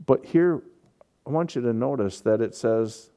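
Male pastor mid-sermon: unhurried, mellow, emphatic expository preaching. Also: medium pitch. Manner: expository preaching, with repeated words and emphatic builds.

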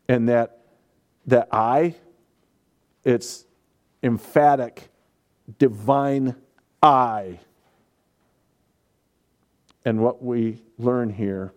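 A man's voice: fairly low pitch, mellow. A man preaching a sermon, explaining scripture and pressing points home with emphatic, repeated words. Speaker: pastor.

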